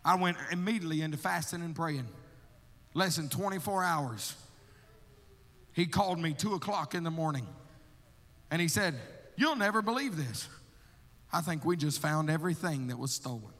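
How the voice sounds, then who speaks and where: High bright-voiced man preaching in a hall. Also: moderate pace, long pauses. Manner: animated storyteller, acting out his own prayers and talks; calls listeners brother, laughs between stories. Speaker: guest missionary preacher. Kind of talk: storytelling sermon testimony. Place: church sanctuary. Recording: long hall reverb from a church.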